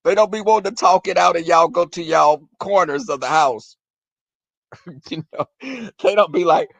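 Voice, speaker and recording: Speaking at a measured pace in a creaky voice, a man regales his viewers with vulgar, expletive-filled tales, playing out squabbles in a shrill tone. It's a loose, lively rant, recorded dry.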